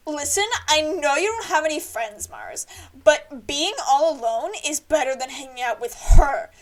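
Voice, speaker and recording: A woman playing a gruff jealous young man. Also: sits high, expressive, moderate pace. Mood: scolding. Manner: scolding, blunt.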